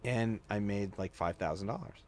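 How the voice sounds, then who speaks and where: Man, podcast guest, low-pitched, casual storytelling, animated, filler-heavy. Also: normal speed. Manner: animated storyteller with many "like" fillers and quoted voices.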